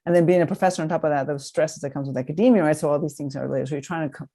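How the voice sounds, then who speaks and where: A woman history professor on a video call, speaking earnestly and often pausing to search for the right words. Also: sits low, steady tone, warm tone. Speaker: history professor, panel guest. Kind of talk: casual reflective discussion.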